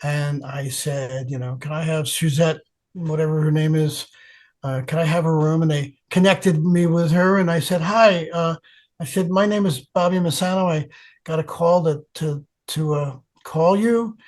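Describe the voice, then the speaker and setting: Older man telling animated stories. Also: on the high side, normal speed. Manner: animated storyteller, acts out quoted voices. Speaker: guest guitarist. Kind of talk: storytelling interview.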